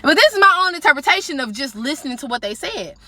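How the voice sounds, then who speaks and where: A woman telling a personal story in casual storytime style, animated, slangy and profane. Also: high voice, quick pace, dry recording.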